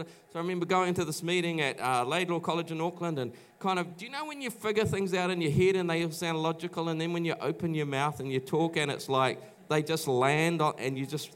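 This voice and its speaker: A man's voice: a little high, smooth. A middle-aged man from New Zealand preaching a sermon, telling his own stories in a chatty way with many restarts and acted-out quotes. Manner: conversational storytelling, many restarts, acts out quoted voices. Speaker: pastor. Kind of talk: sermon with personal testimony. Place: church auditorium.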